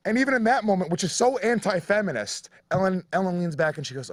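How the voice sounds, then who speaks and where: A stand-up comedian talks rapidly in a casual podcast chat, rambling, swearing and restarting his sentences. His voice is a little high for a man. The recording is dry with no room sound. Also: dry recording.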